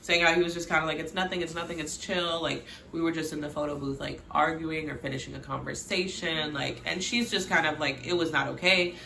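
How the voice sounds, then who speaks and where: Woman, casual recap vlogger, sassy and chatty, bright tone, echoey room. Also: low voice, brisk, gravelly, hardly any pauses, slight background noise. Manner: chatty, sassy, animated quoting.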